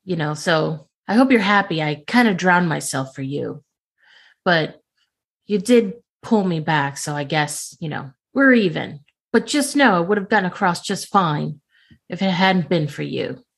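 A woman's voice: lowish voice, expressive, unhurried, gravelly, breathy edge, heavily acted. A woman voicing a vain, bossy female trashkin in a tabletop game, with a snippy, indignant manner. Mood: huffy. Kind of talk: tabletop role-play in character.

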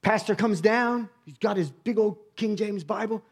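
A middle-aged pastor with a high voice gives a sermon testimony at a moderate pace. He tells his personal story conversationally, going quiet and hushed before breaking into emphatic bursts.

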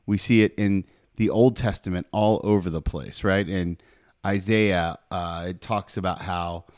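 A man's voice: low-pitched, steady tone, unhurried, darkish tone, no echo, clean studio sound. Upbeat, chatty man hosting a podcast. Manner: upbeat, chatty, with frequent "right?" asides. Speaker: podcast host. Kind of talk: faith podcast monologue, reading scripture aloud.

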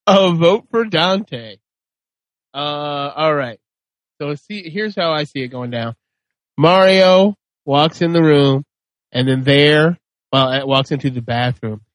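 Male host, slightly high pitch, dry close sound, crude joking banter. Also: takes it slowly, dry recording. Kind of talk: casual podcast banter.

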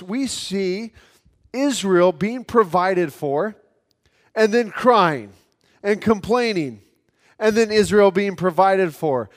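A male preacher with a fairly high voice delivers an earnest sermon, doubling back on his words as he goes. A long reverb hangs after his phrases, as if he is speaking in a large hall. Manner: earnest, repeats words as he restarts. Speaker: pastor.

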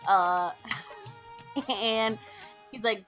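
A woman's voice: on the high side, normal speed, over music. A woman chatting casually on a podcast, recapping a film and acting out the characters' lines.

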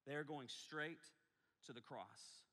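Animated, bright-voiced preacher man. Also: mid-range voice, takes it slowly, big-room sound. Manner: animated and conversational, acts out quotes, casual asides. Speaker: pastor. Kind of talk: sermon.

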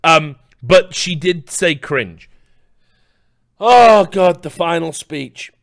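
A man's voice: a little high, animated, slow, vocal fry, no room sound, clean studio sound. A man hosting a live stream, rambling through casual reaction commentary with lots of swearing and laughing asides.

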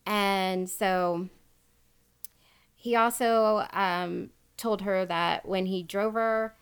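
Woman host, chatty storyteller, gravelly voice, laughs a lot. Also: mid-range voice, fairly even intonation, very slow. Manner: chatty, laughs often, quotes people as she tells. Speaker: podcast host retelling a true crime story. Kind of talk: casual storytelling chat.

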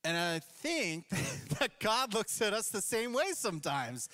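A man's voice: high voice, sing-song, moderate pace, hardly any pauses, pushed and bright. A male pastor preaching a sermon in a conversational storytelling way, acting out quoted voices along the way. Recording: long hall reverb.

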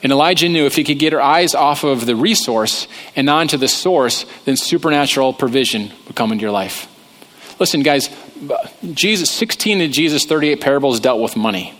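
A man's voice: mid-range voice, lively intonation, a little fast, fairly bright tone. A man preaching a humorous sermon, talking conversationally and joking about himself. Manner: joking, conversational, self-deprecating. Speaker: pastor.

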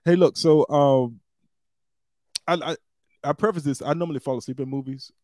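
A man's voice: on the high side, normal speed, darkish tone, no echo. A man hosting a casual podcast on a wired desk mic, rambling with lots of fillers, restarts and laughs. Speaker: podcast host. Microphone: wired desk microphone.

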